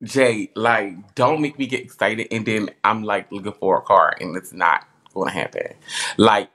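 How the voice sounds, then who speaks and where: Man hosting a live chat, low-ish voice, earnest and meandering. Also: a bit bright. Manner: heartfelt, rambling with many "like" fillers. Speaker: live stream host. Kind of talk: casual live-stream chat.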